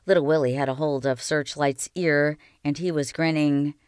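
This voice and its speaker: A woman reading a children's novel aloud with slow, expressive storytelling. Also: low-pitched, smooth, no room sound, studio quality. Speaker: reader.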